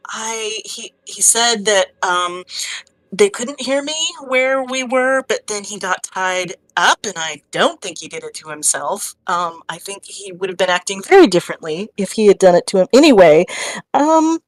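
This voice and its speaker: A woman voicing a frightened female adventurer who talks through tears in halting, anxious bursts during a tabletop game. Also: mid-range voice, expressive, no room sound, lightly acted, low-quality recording. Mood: pleading, halting. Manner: crying, halting, anxious rambling. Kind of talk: tabletop role-play in character.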